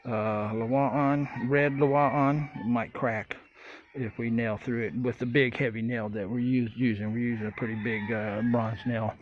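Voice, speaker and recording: Folksy rambling man, casual shop walkthrough, muffled lo-fi sound, loud roosters and traffic behind. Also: medium pitch, steady tone, measured pace, hardly any pauses. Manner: folksy, rambling, many fillers. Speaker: vlogger building a boat.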